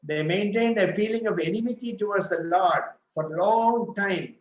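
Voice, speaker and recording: A man giving a devotional scripture talk, retelling a story slowly with frequent self-corrections. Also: high-pitched, echoey room, rough recording. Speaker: scripture speaker.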